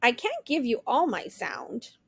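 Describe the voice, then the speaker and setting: A woman voicing a proud, kind male rooster who calls out brightly and gives orders. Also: on the high side, huge pitch swings, measured pace, husky, no room sound, exaggerated voice. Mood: kindly.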